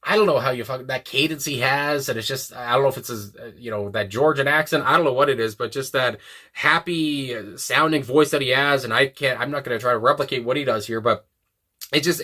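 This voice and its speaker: A man talks through a song review in a loose, rambling way, full of "um"s and restarts. His voice is bright and forward. He stays enthusiastic as he chats on. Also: medium pitch, brisk. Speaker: music reviewer. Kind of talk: casual reaction review.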